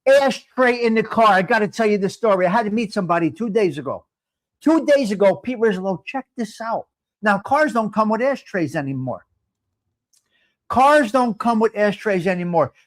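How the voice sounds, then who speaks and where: A man nearing sixty, talking to his live viewers in a voice pitched high for a man. He rants loudly and swears freely, calling his viewers by name as he goes. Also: expressive, normal speed. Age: 50s. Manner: loud, profane, ranting, addresses viewers by name. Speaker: live-stream host. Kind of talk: casual chat to live chat viewers.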